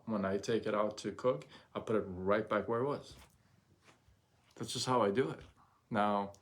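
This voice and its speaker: A middle-aged man hosting a casual livestream, talking in an animated way, often repeating himself and asking "right?". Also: lowish voice. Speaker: livestream host.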